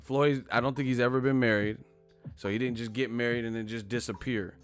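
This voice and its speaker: A man's voice: mid-range voice, steady tone, a little fast, clear, resonant tone, soft background music. A man hosting a boxing live stream, chatting casually and profanely, full of fillers and asides. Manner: loose, profane, filler-heavy banter.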